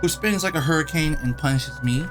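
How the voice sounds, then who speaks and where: A man's voice: fairly quick, music in the background, natural voice. A man voicing a vengeful, bitter old king who has lost his limbs, declaiming theatrically. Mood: grandiose. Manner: theatrical, booming proclamations.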